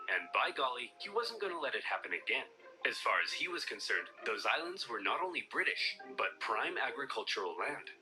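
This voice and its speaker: A man narrating a comedic animated history in a wry, playful, theatrical manner. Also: medium pitch, rough recording. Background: music.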